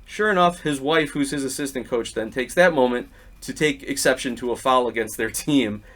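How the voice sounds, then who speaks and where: A middle-aged man with an ordinary mid-range voice hosts a podcast, slightly hoarse from a weekend of yelling. He tells his stories in a loose, chatty way and slips into the voices of the people in them. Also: medium pitch, normal speed. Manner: lively storyteller who acts out the quotes. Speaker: podcast host. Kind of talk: casual podcast storytelling and match recap.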